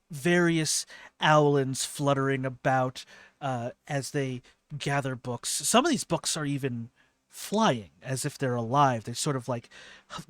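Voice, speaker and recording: A man running a tabletop game as game master, narrating with frequent laughter and quick asides. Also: medium pitch, no echo.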